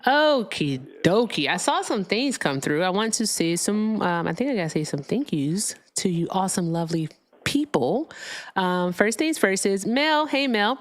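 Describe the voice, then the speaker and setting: A woman's voice: medium pitch, lively intonation, moderate pace. Chatty, profane livestream host woman. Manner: chatty, profane, effusive thanks to viewers. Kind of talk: casual livestream talk.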